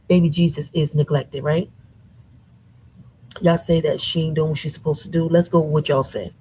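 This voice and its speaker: A woman talks straight to her livestream chat. She keeps it conversational and emphatic, firing off rhetorical questions. Her voice sits low, with a husky, slightly rough edge. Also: dark tone, low-quality recording. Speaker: livestream host. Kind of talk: casual live commentary.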